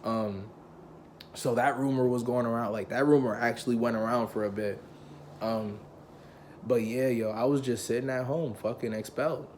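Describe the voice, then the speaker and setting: A young man recounts his own story in a loose, conversational way, full of slang and profanity. His pitch sits in an ordinary middle range, and he breaks into animated impressions of the people he quotes. A faint hiss of ambient noise sits under his voice. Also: normal speed. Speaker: vlogger telling a personal story. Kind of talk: casual storytelling.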